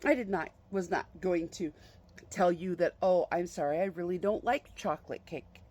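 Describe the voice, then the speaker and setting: Brief: narrator playing a good-humored husband, even and calm, teasing, matter-of-fact. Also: medium pitch, moderate pace, lightly acted.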